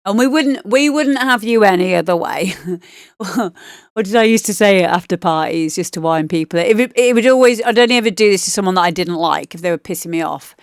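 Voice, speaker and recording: A woman's voice: mid-range voice, expressive, fairly quick, dry recording, studio quality. A woman, a DJ host chatting casually and rambling with laughs while reviewing demo tracks. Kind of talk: casual stream chat.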